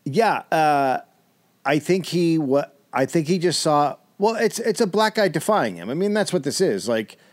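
A man's voice: a little high, animated, moderate pace. A man co-hosting a comedy podcast, casually retelling a historical story with wry asides.

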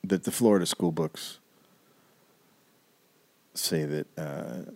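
A man's voice: a bass voice, takes it slowly, a little mellow. A man co-hosting a comedy podcast, telling a history story casually with wry asides and the odd swear.

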